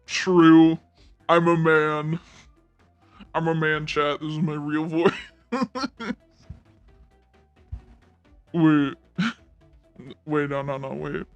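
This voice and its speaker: A woman's voice: low voice, highs cut off, voice pushed down. A woman talking through a voice changer on stream, testing its presets, giggling and teasing.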